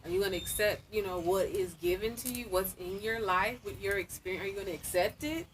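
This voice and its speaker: A woman guest telling a story in casual chat outdoors, animated and chatty. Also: mid-range voice, brisk, a little hiss or hum, low-quality recording. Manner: animated storytelling, lively quoted asides.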